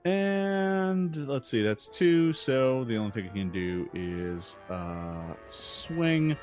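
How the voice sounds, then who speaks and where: Lively male game master, swooping voice. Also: mid-range voice, slow, soft background music. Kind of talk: narrating a tabletop game.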